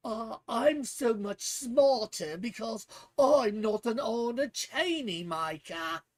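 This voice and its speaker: A condescending snob with a put-on British accent looks down his nose at the listener. A streamer fakes the voice for a joke. He drags out his sneers slowly and lets the scorn show. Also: mid-range voice, lively intonation. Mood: sneering. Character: snobbish mocking man looking down on others.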